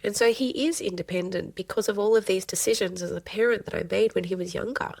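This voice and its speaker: A middle-aged woman counselor who is a guest on a podcast, speaking earnestly and gently and repeating phrases for emphasis. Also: mid-range voice, fast talker, gravelly, dry recording. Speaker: family and child counselor guest. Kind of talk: podcast interview conversation.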